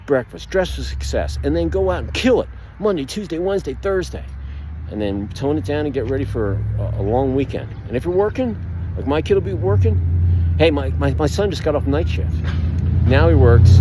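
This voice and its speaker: A man's voice: mid-range voice, noisy background. A middle-aged man giving a casual motivational monologue as a marketing vlogger, rambling and upbeat with lots of fillers and restarts.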